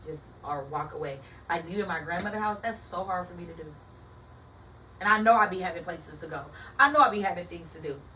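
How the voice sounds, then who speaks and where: A woman's voice: on the low side, fast talker, pushed and bright, recorded from a distance, a little hiss or hum, low-quality recording. A woman giving an earnest, emphatic faith-based motivational talk, speaking straight to her listeners.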